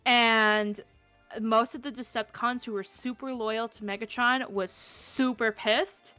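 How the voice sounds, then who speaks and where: A woman's voice: fairly high pitch, fairly even intonation, a little slow, bright, forceful tone, soft background music. A woman guest on a streamed talk show, chatty and rambling, swearing casually and laughing a lot. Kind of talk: casual streamed interview chat.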